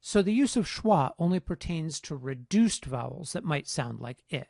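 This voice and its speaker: A phonetics instructor narrates a scripted lecture in a measured, precise, explanatory way, his slightly high voice a little creaky. He lays out each point with steady care, and the recording is close and dry with no room around it.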